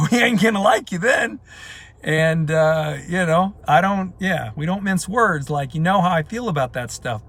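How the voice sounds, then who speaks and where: A man's voice: a little high, a bit bright. A man leading a community, talking in an unscripted live video, emphatic and passionate, hammering points home by repeating them. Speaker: community leader.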